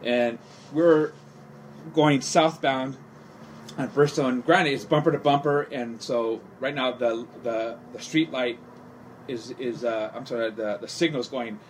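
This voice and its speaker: Middle-aged man from California, rambling profane storyteller, mid-pitched, light background hiss. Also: unhurried. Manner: rambling, profane, heavy on "you know". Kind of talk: casual podcast storytelling.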